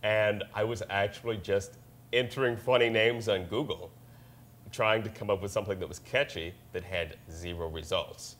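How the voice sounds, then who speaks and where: A man in his twenties with a very deep voice, chatting casually as an interview guest and laughing often. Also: fairly even intonation, moderate pace, fairly bright tone, a little hiss or hum. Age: 20s. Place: bakery shop.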